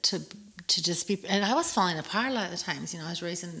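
A woman in casual chat with a friend, expressive and quick to laugh, often quoting her own words. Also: fairly low pitch. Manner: expressive, quotes herself, laughs often, warm teasing.

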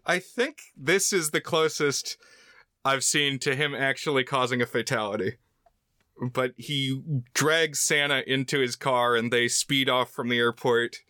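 A man co-hosting a movie podcast, recapping the plot in a relaxed way with joking asides. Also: medium pitch, unhurried, no echo, clean studio sound. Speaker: podcast co-host. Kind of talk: casual movie discussion.

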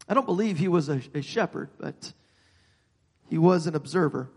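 A man preaching a sermon, halting and repeating words, growing emphatic as he goes. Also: high voice, slightly rough, long reverb tail.

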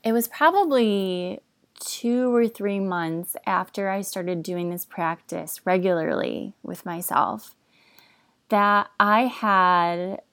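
A woman's voice: lowish voice, a bit bright, no echo, studio quality. A young woman hosting a podcast, speaking in a candid, confessional way with casual fillers. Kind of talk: personal reflective talk.

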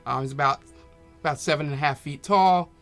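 A man narrating as game master in a tabletop game, talking haltingly with many fillers. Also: a little high, fairly bright tone, soft background music.

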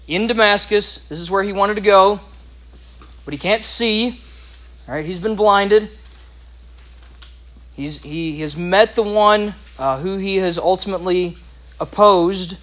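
A man's voice: high voice, takes it slowly, pauses often, a bit bright. A man teaching a Bible lesson, explaining scripture with asides and restarts.

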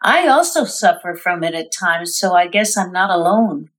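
A woman co-hosting a podcast, reading a smooth scripted introduction and chatting in a friendly way. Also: on the low side, lively intonation, moderate pace, fairly bright tone. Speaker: podcast co-host. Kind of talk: scripted introduction and casual chat.

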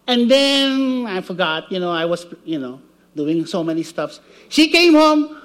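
A man preaching with an unusually high voice, lively and playful, who keeps tossing out "okay?" to the room. His delivery stops and restarts as he works through his points. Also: a little slow. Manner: animated, jokey, checks in with "okay?" and "right?". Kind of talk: church teaching with slides.

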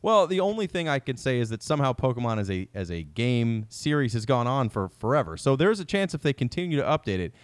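A man's voice: medium pitch, big pitch swings, fast talker, hardly any pauses, clear, resonant tone, dry recording. A man co-hosting a casual podcast, rambling and self-mocking, often restarting his sentences. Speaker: podcast co-host. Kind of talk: casual chat.

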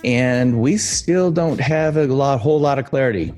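A man's voice: mid-range voice, moderate pace, a little mellow, soft background music. An American man hosting a podcast interview, chatty and joking, with rambling asides. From United States. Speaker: podcast host. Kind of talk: casual interview chat.

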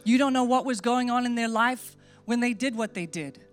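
Woman pastor, fairly high voice, earnest altar-call sermon, faint music under it. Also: moderate pace. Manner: earnest, repeating short phrases, pleading in prayer. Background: soft music.

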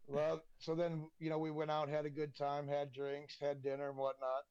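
A man's voice: a little high, completely flat delivery, moderate pace, a little mellow, smooth, dry recording, muffled recording. A man guesting on a podcast, telling loose, profane, laughing anecdotes in a rambling way. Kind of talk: casual storytelling.

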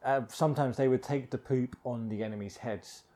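Brief: mellow-voiced male co-host, dry deadpan humor in loose commentary chat. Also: medium pitch, fairly quick. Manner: deadpan, tells mock-serious made-up facts. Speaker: guest co-host. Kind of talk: casual film commentary chat.

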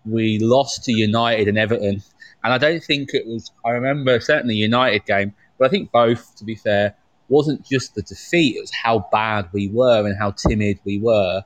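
A man co-hosting a casual chat, thinking aloud with many halting restarts. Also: lowish voice, no room sound. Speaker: podcast co-host.

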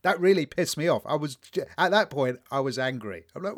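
A man's voice: fairly high pitch, a little fast. A man co-hosting a podcast, chatting casually and telling stories with lots of swearing. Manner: swearing, storytelling, animated quoting. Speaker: podcast co-host. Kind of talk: casual chat.

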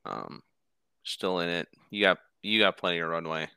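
A man co-hosting a fantasy football podcast, telling animated stories in casual chat and swearing now and then. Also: deep voice, normal speed, vocal fry, clear, resonant tone, no room sound. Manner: animated storyteller, swears, mimics others.

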